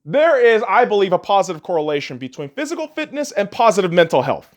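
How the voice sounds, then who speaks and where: A man's voice: high-pitched, big pitch swings, quick pace. A man hosting a podcast, ranting crudely and heatedly with heavy swearing. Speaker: podcast host. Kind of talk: profane podcast rant.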